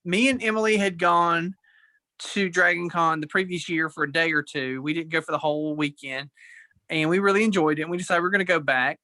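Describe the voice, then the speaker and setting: A man's voice: fairly high pitch, brisk, pushed and bright, no room sound. A man from the United States, a guest on a remote call, telling a story in an easygoing, rambling way and often restarting his sentences. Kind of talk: casual storytelling in an interview.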